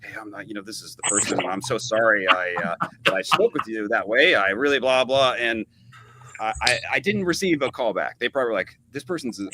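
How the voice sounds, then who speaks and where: Low-voiced man telling stories quickly. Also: lively intonation, background noise. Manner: halting storyteller with many restarts. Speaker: musician guest. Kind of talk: casual chat.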